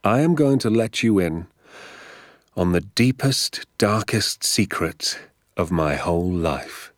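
Gentle father voiced by a man, storybook reading, hushed, measured, very deep, unhurried. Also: animated, dry recording, clean studio sound. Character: gentle, soft-spoken grown father.

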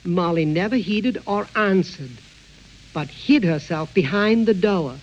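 A man narrating a fairy tale in a measured, rhythmic storytelling manner. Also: sits high. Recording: dull, muffled recording with music.

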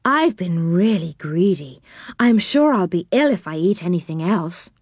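A woman voicing a gentle fairy girl in a storybook, sighing and apologetic. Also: fairly low pitch, expressive, a little slow, no room sound, clean studio sound.

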